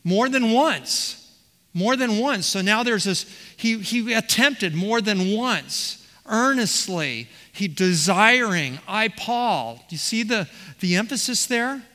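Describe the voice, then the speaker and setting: Preacher, male, high and bright voice, emphatic and questioning, long church reverb. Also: lively intonation, takes it slowly, few pauses. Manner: emphatic, repeats words, asks questions of the congregation. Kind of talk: expository sermon. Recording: long reverb of a large hall.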